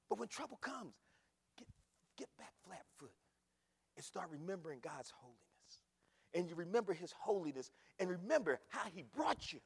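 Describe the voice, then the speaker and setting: A man preaching a sermon, swinging from shouts to hushed quotes. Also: high voice, expressive, brisk, gravelly, slightly rough. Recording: long hall reverb.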